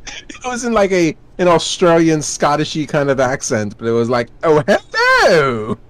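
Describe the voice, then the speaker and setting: Dude co-hosting a gaming podcast, chatty, tells stories, laughs a lot. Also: male voice, a little high, big pitch swings, normal speed, dry recording. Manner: chatty storyteller who laughs often. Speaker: podcast co-host. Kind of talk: casual chat.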